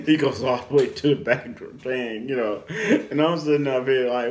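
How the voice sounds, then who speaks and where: A man telling a casual storytime anecdote in an animated way, often laughing as he talks. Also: medium pitch, moderate pace, a little hiss or hum. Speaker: storyteller vlogger.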